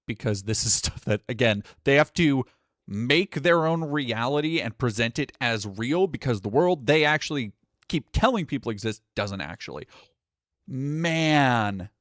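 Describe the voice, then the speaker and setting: A male streamer reacts to videos in a sarcastic, exasperated running commentary and swears freely. His pitch swings widely as he talks, and the close mic sounds dry and free of any room echo. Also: expressive, measured pace, fairly bright tone. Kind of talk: casual live-stream commentary.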